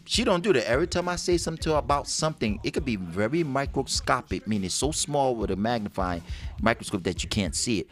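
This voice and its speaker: A man's voice: medium pitch, quick pace. A man joking with his wife, telling comic stories and acting out quotes, often laughing. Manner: animated, laughing, acts out quotes. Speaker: vlog co-host with his wife. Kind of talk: comic storytelling chat.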